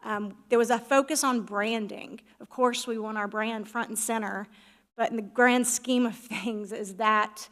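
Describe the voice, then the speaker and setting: A woman on the village staff briefs the council on the website, organized and friendly as she explains. Her voice sits somewhat high. The sound carries the long reverb of a large meeting hall. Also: steady tone, a little slow, fairly bright tone. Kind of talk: presentation to council.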